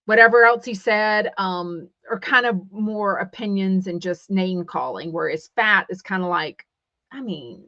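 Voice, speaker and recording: On this podcast, a woman from Texas with a Texan accent chats about celebrity gossip, reads live comments out loud, and shares plenty of opinions, peppering her talk with fillers and quoted asides. Her voice is medium-pitched and sharp at a measured pace, in a recording with no room sound and the highs cut off.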